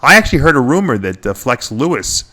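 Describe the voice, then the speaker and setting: Fast and medium-pitched, this middle-aged New Yorker hosts a radio show and podcast, chatting casually as an animated storyteller who laughs at himself. His stories come with a laugh and a New York accent.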